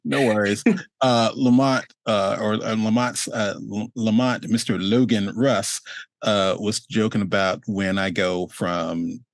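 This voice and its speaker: A man with a lowish voice hosts a casual interview over a video call. He rambles easily and leans on fillers, and the sound is dry and close. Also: a little slow, dry recording. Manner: relaxed, rambling, many fillers. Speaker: host.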